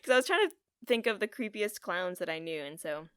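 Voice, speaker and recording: A woman's voice: lowish voice, sing-song, brisk, clear, resonant tone, no echo. Giggly rambling woman podcaster, dry sound. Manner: giggly, rambling, pun-loving. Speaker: podcast co-host. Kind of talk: casual chat.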